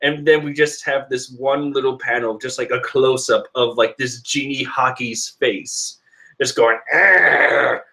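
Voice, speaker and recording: A man's voice: medium pitch, flat delivery, unhurried, fairly bright tone. A man casually reading through a comic chapter aloud, joking and sarcastic with frequent laughs. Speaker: manga reader commentator.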